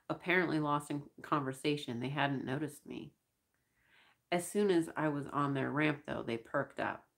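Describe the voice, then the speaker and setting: A woman reading a science-fiction novel aloud in first-person narration, measured and wry. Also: low-pitched. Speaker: audiobook reader.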